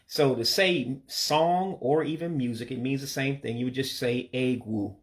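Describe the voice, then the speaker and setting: A man teaching vocabulary in a casual spoken lesson, patiently repeating each word slowly so listeners can practice along. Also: mid-range voice. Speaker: language learner teaching vocabulary.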